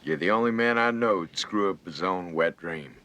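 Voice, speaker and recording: An actor playing an older, cynical border patrol agent who talks in a dry, understated way in a film. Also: male voice, low voice, moderate pace, sharp tone. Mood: persuasive. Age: middle-aged. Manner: world-weary, dry and understated. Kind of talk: film dialogue.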